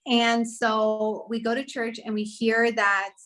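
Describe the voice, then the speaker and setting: A woman's voice: on the high side, flat delivery, slow, a bit bright. A young woman telling her personal story in a casual podcast conversation, earnest and rambling, with many "like" fillers. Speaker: guest sharing her story.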